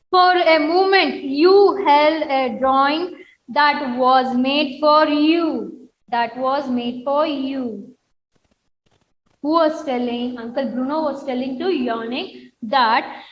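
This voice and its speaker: Woman teacher, slow careful story reading, echoey dull recording. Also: sits high. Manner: repeats lines slowly, asks and answers questions. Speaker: English teacher. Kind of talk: reading a story aloud and explaining it to pupils. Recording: echoey room, dull lo-fi sound.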